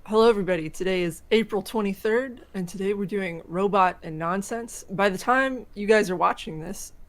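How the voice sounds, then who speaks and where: A woman's voice: medium pitch, fairly quick. A woman co-hosting a casual tech news show, chatting plainly and easily. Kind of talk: casual chat.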